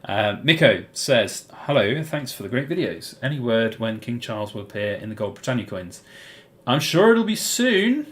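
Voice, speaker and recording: A man's voice: lowish voice, normal speed, hardly any pauses, fairly bright tone. A British man hosting a casual live-stream Q&A, answering viewers' chat questions in a rambling way with plenty of "um" and "uh". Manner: rambling, many fillers and restarts.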